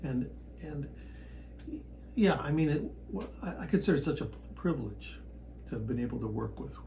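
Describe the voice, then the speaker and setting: A man from the Chicago area talks casually as a podcast guest, with an even, middle-pitched voice. He tells his stories with animation and often jumps into loud, excited bursts. A faint noise sits under the voice. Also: moderate pace, creaky, poor audio. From Chicago area, United States. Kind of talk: casual storytelling chat.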